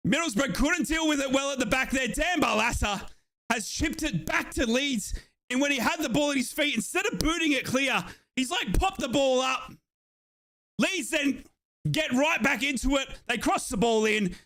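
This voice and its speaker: A man hosting a live match watchalong, calling the play and breaking into excited shouts at big moments. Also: very high-pitched, normal speed. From Australia. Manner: excitable, bursts into shouting at goals. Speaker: watchalong host.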